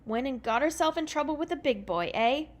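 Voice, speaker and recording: A woman's voice: high-pitched, lively intonation, a little fast, pitched above the performer's own voice. A woman doing a cocky, teasing young jailbird. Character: jaunty young man with a put-on English accent.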